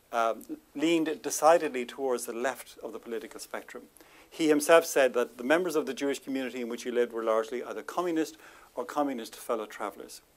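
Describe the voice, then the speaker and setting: A man giving an informal lecture to a live audience in a chatty way. He laughs often, makes self-deprecating asides and stresses lists of words with lively emphasis. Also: mid-range voice.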